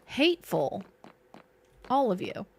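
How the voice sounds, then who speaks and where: A woman's voice: mid-range voice, sing-song, takes it slowly, breathy edge. A woman streaming a game, chatting playfully with her viewers and herself. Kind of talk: casual live-stream chat while gaming.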